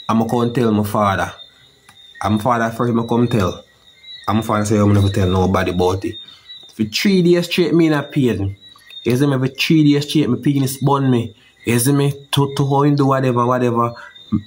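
A man's voice: mid-range voice, slight background noise. Jamaican man rambling through a painful story. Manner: repeats "you see me" constantly, halting and rambling. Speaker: interviewee telling his story. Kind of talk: emotional personal account.

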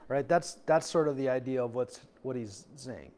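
A man's voice: medium pitch, normal speed, hardly any pauses, a little mellow. A male pastor preaching a verse-by-verse sermon in a conversational way, acting out the people in the story with little voices. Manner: conversational, acts out quotes with voices. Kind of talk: expository sermon. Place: church.

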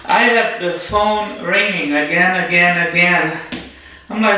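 A man hosting a car repair vlog in a chatty, excited way, often tagging sentences with a question to the viewer. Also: high voice, a little slow. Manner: chatty, keeps asking "right?", excited. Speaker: car repair channel host. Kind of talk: casual vlog to camera. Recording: very echoey, distant mic, faint noise.

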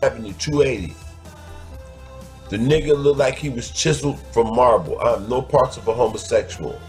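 A man's voice: mid-range voice, moderate pace, darkish tone, faint music behind. A man telling a crude personal story, blunt and profane, stretching out words for emphasis.

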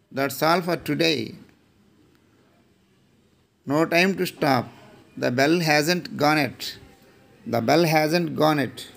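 Middle-aged male English teacher, Indian English accent, unhurried, reads set phrases with careful repeats. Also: fairly high pitch, creaky. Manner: slow, deliberate phrase-by-phrase reading with repeats. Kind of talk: reading out classroom phrases.

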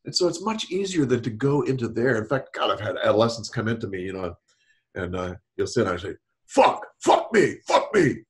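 A middle-aged man speaks in a counseling style during a casual podcast chat, his voice on the low side and his delivery fast. He's animated, laughs often, and acts out quotes in a raised voice.

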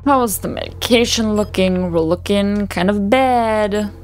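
A woman's voice: medium pitch, unhurried. A young woman commenting on her own play of a horror game, swearing often and mocking her own mistakes. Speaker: let's play streamer. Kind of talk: gaming commentary. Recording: faint game music behind.

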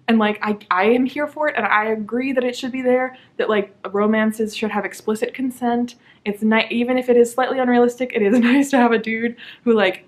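A young woman reviewing a book in a casual vlog, sarcastic and animated, slipping into mocking voices and laughing often. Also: mid-range voice.

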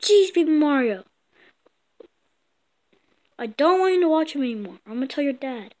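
A high-voiced woman performs a silly skit with toy characters, switching between teasing lines and mock slang. Her delivery is playful and quick to tease. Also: animated, darkish tone. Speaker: skit maker.

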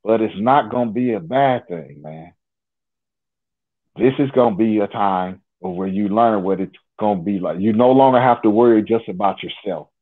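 A man's voice: fairly low pitch, moderate pace. A man telling a story casually as an interview guest, with folksy phrasing, acting out the people he quotes. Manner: animated, acts out dialogue in shifting voices. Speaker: interview guest recounting an encounter. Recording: tinny phone-like line.

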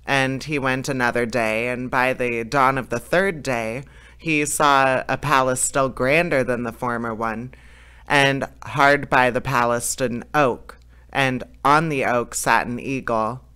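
A man reading a fairy tale aloud in a plain, steady way, with an occasional filler. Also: mid-range voice, measured pace, clean tone. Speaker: storyteller.

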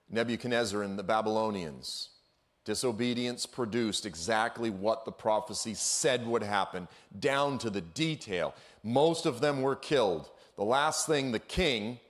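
Man giving an energetic, casual sermon. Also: on the low side. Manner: energetic, conversational, digressive, uses casual slang. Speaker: guest speaker. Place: church.

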